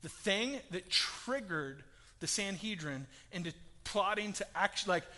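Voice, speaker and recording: A man delivers a sermon in an animated, conversational way, acting out little voices as he tells the story. His voice sits high and bright. The words ring out through the long reverb of a big hall. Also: unhurried. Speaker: pastor.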